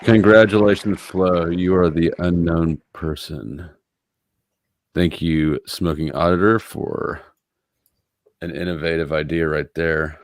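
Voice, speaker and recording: A man's voice: low voice, fairly even intonation, slow pace. A man hosting a live online panel, joking and explaining things in an offhand way. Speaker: host. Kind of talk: casual live panel chat.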